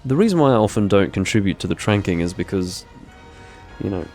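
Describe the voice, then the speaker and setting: A man with a very low, gravelly voice talks through a live game session in a loose, rambling way. He drifts into dry, self-deprecating asides. Faint game music runs quietly underneath. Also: animated, fairly quick. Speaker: gaming streamer. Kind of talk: live gameplay commentary.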